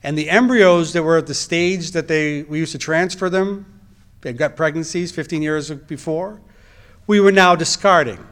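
A man's voice: fairly high pitch, moderate pace, fairly bright tone. A middle-aged man, a reproductive endocrinologist, giving a personal testimony in a conversational storytelling way, with wry asides and frequent restarts.

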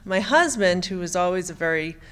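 A middle-aged woman giving an emotional personal testimony, halting and often restarting her sentences. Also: fairly low pitch, animated, a bit bright, clear, resonant tone. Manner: halting, with frequent stammered restarts.

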